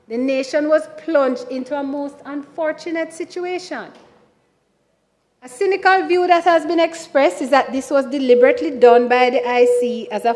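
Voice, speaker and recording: A woman senator with a Jamaican accent giving a formal parliamentary speech, measured and emphatic, repeatedly addressing the chair. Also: sits high, darkish tone. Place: senate chamber. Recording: reverberant chamber sound.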